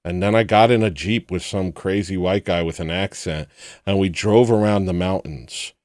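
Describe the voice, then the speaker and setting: Deep-voiced man telling a rambling story. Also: fairly even intonation, normal speed, no room sound, studio quality. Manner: rambling, acts out quoted people in loud put-on voices. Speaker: livestream host. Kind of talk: casual personal storytelling.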